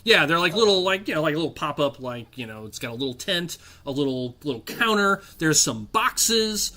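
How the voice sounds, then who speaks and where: Male game master, slightly high, lively delivery, halting casual narration. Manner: halting, full of ums and restarts.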